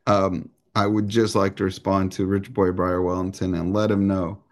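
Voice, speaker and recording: A man, co-hosting a podcast in a low voice. He rambles through loose, profane banter and stays joking throughout. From United States. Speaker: podcast co-host.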